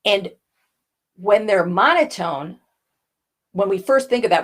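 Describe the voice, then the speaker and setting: A woman's voice: mid-range voice, lively intonation, measured pace, pauses often. An older woman, a voice coach, teaching a lesson and demonstrating vocal effects as she explains.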